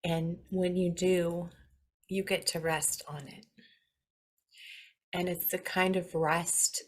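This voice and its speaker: A woman in her forties hosting a spiritual talk, speaking earnestly and reflectively with soft laughs and some emotion. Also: fairly low pitch, level tone, slow, long pauses. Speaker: spiritual podcast host.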